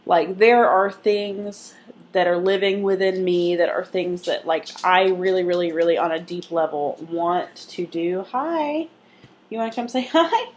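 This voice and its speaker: A young woman vlogging in a casual, rambling way, full of fillers and restarts, with a stuffy nose. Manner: rambling, many fillers and restarts, laughs easily; coos softly and high when calling her dogs. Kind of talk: casual chat.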